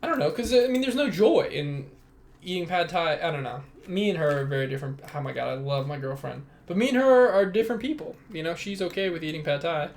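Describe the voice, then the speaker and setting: A man's voice: a little high, quick pace. A young man hosting a casual solo podcast, rambling and self-mocking, swearing freely. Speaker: podcast host.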